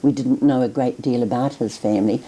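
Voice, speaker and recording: An older woman speaks in a very low, mellow voice. She talks reflectively in an oral history interview, often pausing and restarting her sentences as memories come back. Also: fairly even intonation, husky, rough recording. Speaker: interviewee recalling her grandfather.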